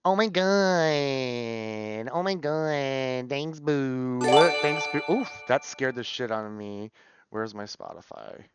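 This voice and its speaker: A man chatting on a live stream, excitable, swearing and repeating words in quick runs. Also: mid-range voice, over music. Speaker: variety streamer. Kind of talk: casual live stream chat. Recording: dull lo-fi stream audio.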